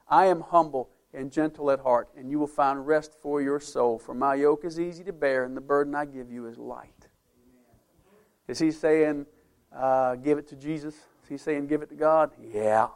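A man's voice: on the high side, normal speed. A man preaching a sermon as pastor, emphatic, with conversational asides to the congregation. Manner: emphatic preaching, rising and falling loudness.

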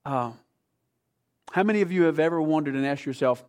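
Pastor, male, from the US, fairly high voice, storytelling sermon that urges listeners to pay attention. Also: fairly even intonation, brisk, pauses often, darkish tone. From United States. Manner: storytelling, urging the congregation to listen.

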